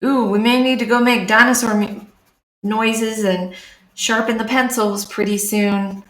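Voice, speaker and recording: On a live stream, a female artist and streamer draws and chats casually, explaining every step as she works. Her voice sits on the high side and is fairly bright, with a steady tone and measured pace, though the audio is poor and sounds roomy.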